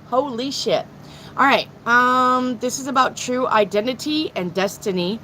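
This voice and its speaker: A middle-aged woman reading tarot on a live stream, blunt and excitable, swearing freely as she talks to her chat. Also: on the high side, a little slow, slight background noise, poor audio. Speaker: tarot reader.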